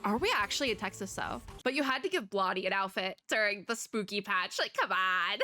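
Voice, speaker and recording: A young woman streamer giving casual, excitable reaction commentary, gushing with quick asides. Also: medium pitch, no room sound, studio quality. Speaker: VTuber streamer.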